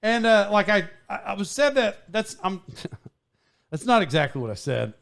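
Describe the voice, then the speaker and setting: Man, podcast host, high voice, casual story, laughing, stumbling restarts. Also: normal speed, vocal fry. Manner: animated, laughing often, many restarts.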